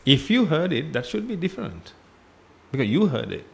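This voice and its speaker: Gravelly-voiced man preaching a sermon. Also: on the high side, very animated, normal speed. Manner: repetitive, emphatic teaching with rhetorical questions; drops his voice on "ladies and gentlemen". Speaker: Buddhist monk giving a sermon. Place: temple hall.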